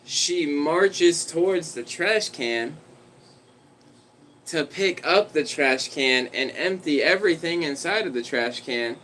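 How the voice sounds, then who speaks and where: A man's voice: a little high, expressive, slow, fairly bright tone, a little hiss or hum, low-quality recording. A man livestreaming, telling a story in a rambling, conversational way and talking to his dog.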